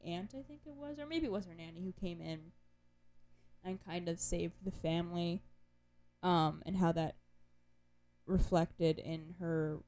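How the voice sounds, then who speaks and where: A young woman co-hosting a podcast speaks in a lowish, dark voice, unhurried and pausing often. Her casual chat is full of fillers and sarcastic asides.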